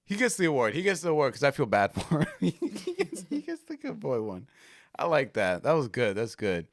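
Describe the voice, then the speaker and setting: Animated, swearing podcast host man. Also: on the high side, fairly quick, no echo, clean studio sound. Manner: laid-back, swears freely, laughs often. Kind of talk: casual chat reacting to viral videos.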